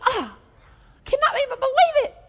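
A woman's voice: on the high side, animated, quick pace, darkish tone, husky, voice pushed down. A woman voicing an offended working woman who reacts with exasperated indignation. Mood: indignant.

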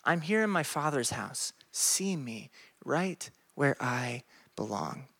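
A man voicing a calm twelve-year-old boy, speaking softly and reassuringly. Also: medium pitch, slow, vocal fry, no room sound, full character voice. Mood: gentle. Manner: soft, quiet, reassuring.

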